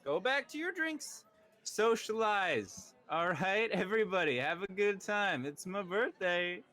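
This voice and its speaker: A man voicing a pompous nobleman who tries to soothe a crowd, drawing out his words in a high voice. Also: expressive, measured pace, bright, forceful tone, exaggerated voice. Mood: placating. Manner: pompous, high-pitched, drawn out. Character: pompous nobleman host, smooth and placating.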